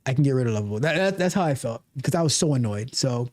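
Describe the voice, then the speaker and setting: Mellow-voiced man chatting on a livestream. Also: medium pitch, fast. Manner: animated, repeats and restarts phrases. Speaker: livestream host, coding coach. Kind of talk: casual livestream chat, reading viewer comments.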